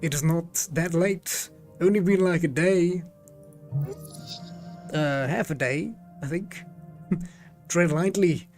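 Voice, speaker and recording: A man's voice: on the high side, takes it slowly, pauses often, a little mellow, faint music behind. A man streaming a game live, chatting casually and reading its text aloud, laughing often.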